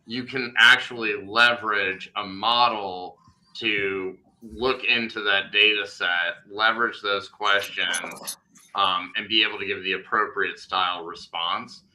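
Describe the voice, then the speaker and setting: A man's voice: lowish voice, fairly even intonation, measured pace, bright, forceful tone, low-quality recording. A male podcast co-host in casual chat, rambling and thinking aloud with lots of fillers and restarts.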